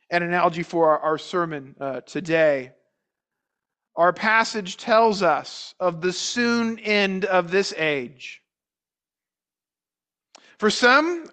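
Male pastor, high-pitched voice, measured sermon delivery with restarts and rhetorical questions. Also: pushed and bright. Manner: measured preaching with repeated words and rhetorical questions.

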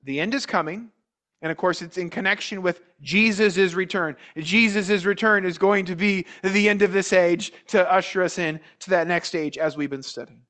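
A man preaching a sermon as pastor, speaking in a measured way with frequent restarts, repeated words and rhetorical questions to the congregation. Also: high voice, a bit bright.

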